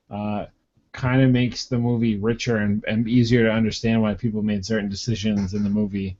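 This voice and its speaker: A man's voice: lowish voice, flat delivery, a little fast, darkish tone, muffled recording. A man co-hosting a podcast in casual chat. He talks in an easygoing, rambling way. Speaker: podcast co-host.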